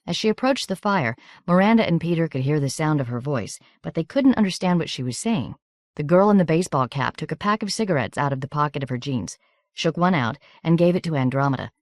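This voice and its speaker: A woman narrating an audiobook in a measured, steady reading. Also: sits low, no echo, clean studio sound.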